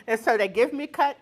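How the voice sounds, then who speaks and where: An older woman telling a personal story on stage, plain-spoken and lively, chuckling as she goes. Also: mid-range voice. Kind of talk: personal storytelling before a live audience. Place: community center stage.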